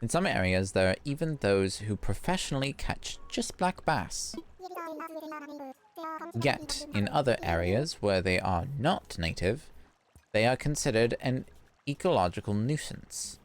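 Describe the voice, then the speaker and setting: A woman's voice: very deep voice, very animated, measured pace, a little hiss or hum, exaggerated voice. A woman voicing a fussy, pompous male owl museum curator in a formal, grand manner while playing a video game. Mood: lecturing.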